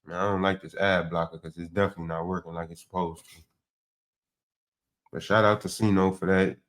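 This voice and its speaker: A man's voice: sits low, level tone, fairly quick, fairly bright tone. A man, casually reacting to a clip and agreeing. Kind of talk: casual chat.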